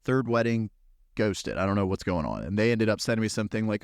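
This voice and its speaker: A man's voice: lowish voice, fast talker, vocal fry, no room sound, studio quality. A young adult man hosting a podcast, telling casual stories and acting out the people he quotes. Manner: animated anecdote-telling, acting out quoted exchanges. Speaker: podcast host and wedding videographer. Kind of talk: casual conversational storytelling.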